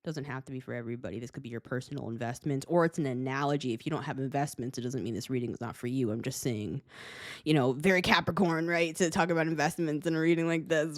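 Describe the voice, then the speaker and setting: A woman's voice: sits low, a little fast, dry recording, clean studio sound. A woman giving a casual tarot reading, chatty and blunt, swearing freely and laughing often. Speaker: tarot reader.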